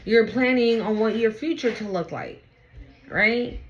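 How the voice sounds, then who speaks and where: A woman's voice: on the high side, measured pace, dull audio, slight background noise. A woman giving a casual tarot reading, talking straight to her viewers. She is blunt and swears freely. She drives each point home by repeating it and tagging on "right?". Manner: blunt and profane, repeats phrases for emphasis; asks "right?" again and again. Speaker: tarot reader.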